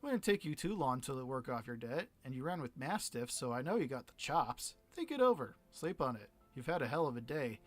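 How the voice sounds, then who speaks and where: A man's voice: mid-range voice, big pitch swings, fairly quick, hardly any pauses, faint music behind. A man reading a shrewd, easygoing ship captain. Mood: shrewd, easy. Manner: easygoing, slightly haggling.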